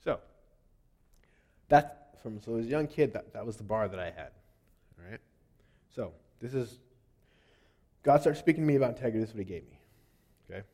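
A man in his thirties giving a testimony in a sermon, telling a story with animated swings between loud and soft, then reciting a poem. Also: fairly low pitch, a little fast, pauses often. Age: 30s. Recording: long hall reverb.

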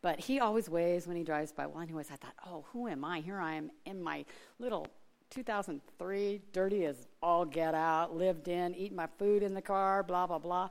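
A woman's voice: lowish voice, animated, brisk. A middle-aged woman from Alaska giving a chatty sermon full of personal stories, laughing often and acting out other people's voices. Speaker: church speaker.

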